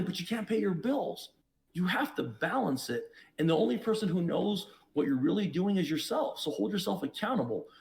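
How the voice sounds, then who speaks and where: A man who is a podcast guest, telling his own story in an emphatic, preachy way, with sudden jumps in pitch and loudness. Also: vocal fry. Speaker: podcast guest, investor and entrepreneur. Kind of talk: reflective storytelling.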